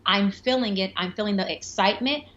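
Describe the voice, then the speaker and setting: A woman life coach telling a personal story in a podcast interview, animated and full of quoted voices. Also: mid-range voice, fairly quick. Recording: dull lo-fi sound.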